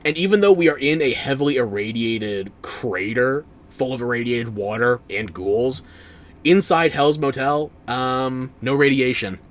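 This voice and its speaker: A man's voice: mid-range voice, unhurried. A man streaming a game, giving casual commentary in a wry, sarcastic way and bantering with chat.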